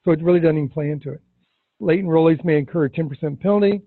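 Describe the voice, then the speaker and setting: Male sales trainer, higher-pitched, emphatic, slows to stress words, phone-like sound. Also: no room sound.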